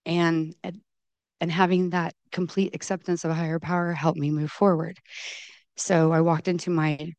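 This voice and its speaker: A middle-aged woman gives a candid personal testimony at a recovery meeting. She talks haltingly, restarting her sentences and quoting her own past self-talk. Her voice sits a little low and sounds smooth and clean, recorded dry and close with no room echo. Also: flat delivery, a little mellow. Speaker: recovery program member sharing her story.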